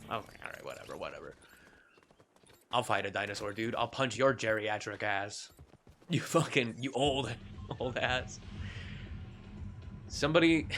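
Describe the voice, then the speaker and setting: A man streaming a shooter game in casual, jokey commentary, swearing freely and laughing often, with excited yelps when the game turns. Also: fairly low pitch, unhurried, long pauses, slight background noise.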